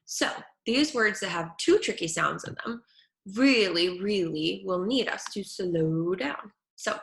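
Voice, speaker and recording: A woman speech therapist teaching children at home, saying each word slowly and clearly. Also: mid-range voice, animated. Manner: slow, clear over-articulation of words. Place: her home kitchen. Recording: echoey room.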